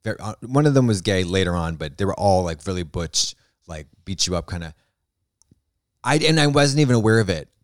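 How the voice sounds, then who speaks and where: A man's voice: sits low, lively intonation, a little fast, dry recording, studio quality. A man co-hosting a casual comedy podcast, rambling and giggly, trailing off into asides. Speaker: podcast co-host.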